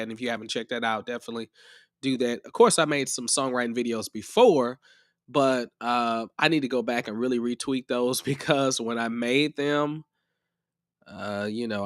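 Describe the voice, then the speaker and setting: A man's voice: medium pitch, a bit bright, no room sound, clean studio sound. A man hosting a live music-production tutorial stream, rambling in a casual, chatty way while a bit under the weather. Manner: rambling and chatty, often restarts.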